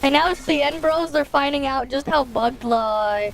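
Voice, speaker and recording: Gaming on a live stream with music in the background, a woman chats lazily with viewers, swearing and laughing often. She speaks unhurriedly in a high voice, and there's a little hiss or hum on the audio.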